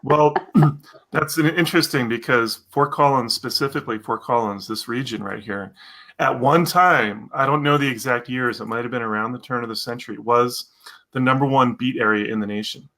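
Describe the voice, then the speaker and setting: A man appearing as a guest on a live video show, chatting in a relaxed way and clearing his throat now and then. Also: mid-range voice, normal speed. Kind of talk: casual live-stream chat.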